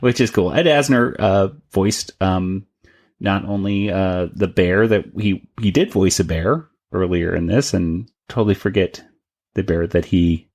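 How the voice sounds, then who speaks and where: A man's voice: low-pitched, unhurried, darkish tone. A man hosting a podcast in casual chat, chatty and laughing often, with frequent restarts. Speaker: podcast host.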